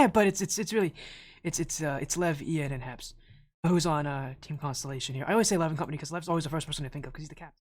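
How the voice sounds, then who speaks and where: A man's voice: fairly high pitch, expressive, fast. Breathless, chatty male esports streamer. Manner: rambling, chatty, frequent restarts and fillers, greets viewers. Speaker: esports caster streaming a team watch stream. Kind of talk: casual live-stream chat.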